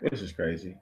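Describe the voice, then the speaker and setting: A man hosting his channel, reading a history text aloud haltingly with restarts and stopping often to comment bluntly, with plenty of swearing. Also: low-pitched, pushed and bright, low-quality recording. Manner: blunt and profane, stops often to rant. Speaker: channel host.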